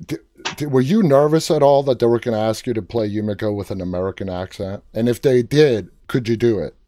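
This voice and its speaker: A man hosts the interview, asking eager, direct questions. His voice has a dark, mellow tone. The sound is dry and close. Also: mid-range voice, fairly quick, no room sound. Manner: enthusiastic, direct questions with filler uhs. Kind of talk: casual interview.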